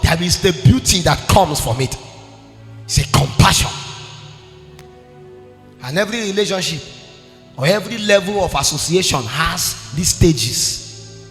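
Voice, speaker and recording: A man preaches in a high, ringing voice, moving from fervent shouts to a sing-song cadence. His sermon echoes through a large church hall with a long reverb and soft music underneath. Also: lively intonation, unhurried, long pauses. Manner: impassioned, swings between shouting and sing-song.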